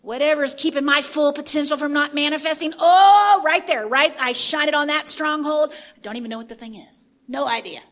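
A woman preaching a sermon in an animated way, swinging from hushed asides to shouting. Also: high voice, brisk, hardly any pauses.

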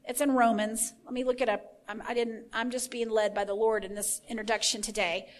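A woman with a somewhat high voice gives an informal sermon as a podcast host. She talks earnestly, builds emphasis through repeated phrases and thinks aloud as she goes. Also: flat delivery, fairly quick. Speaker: podcast host teaching the Bible.

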